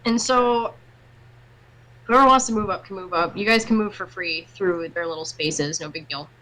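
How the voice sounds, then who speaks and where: A woman's voice: lowish voice, moderate pace, sharp tone, rough recording. A woman narrating a tabletop game as game master, loose and chatty with frequent fillers.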